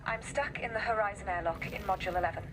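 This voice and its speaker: Game role: woman doing an anxious astronaut under pressure, mid-pitched, game audio with clear noise under it. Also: quick pace, lightly acted. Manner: urgent, anxious, radio-like calls. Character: stranded female astronaut, tense and urgent. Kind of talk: video game dialogue.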